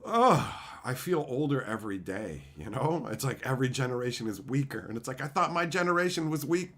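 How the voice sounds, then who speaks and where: A man chatting casually with viewers on a live stream, profane, animated and openly emotional. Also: mid-range voice, a little fast, hardly any pauses.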